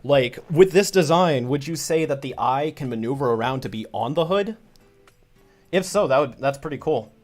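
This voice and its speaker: Guy casually chatting on his stream, rambly, says like a lot, mid pitch. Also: lively intonation, moderate pace, a little mellow, soft background music. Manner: chatty and rambling, full of "like" and restarts. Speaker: webcomic creator hosting a livestream. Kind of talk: casual livestream chat.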